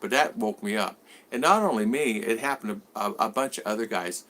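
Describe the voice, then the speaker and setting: Chatting loosely on a live stream, this sixty-something vlogger drifts between thoughts while welcoming viewers by name and reading out their comments. His voice is fairly low, bright, and forward, animated and a little quick.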